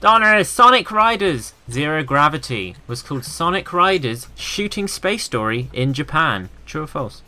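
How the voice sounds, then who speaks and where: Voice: medium pitch, sing-song, moderate pace, hardly any pauses, sharp tone. Playful, teasing podcast quiz host. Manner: playful, teasing, laughing often.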